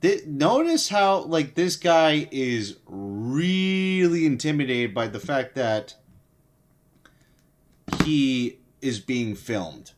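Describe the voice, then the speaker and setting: A young man talks casually on a livestream, swearing freely and stumbling through restarts. His pitch swings widely as he talks. He sounds short on sleep. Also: lively intonation, extremely slow, slight background noise. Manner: profane, swears heavily; rambling with frequent restarts. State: sleep-deprived. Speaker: livestream host.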